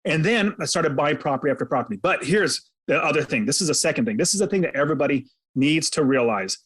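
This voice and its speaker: A man with a fairly high voice tells a personal story as a podcast guest. He is earnest and dramatic, and he pulls the listener along by recounting events in the present tense. His telling carries a sincere, faith-minded tone. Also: animated, fast talker, a bit bright, breathy edge. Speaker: podcast guest, real estate investor.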